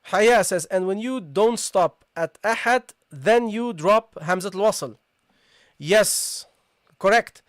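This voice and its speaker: During a live online tajweed class, the recitation teacher explains things patiently, keeps checking in, addresses everyone casually, and slowly repeats each sound. An animated, medium-pitched voice comes through in studio quality with no room sound.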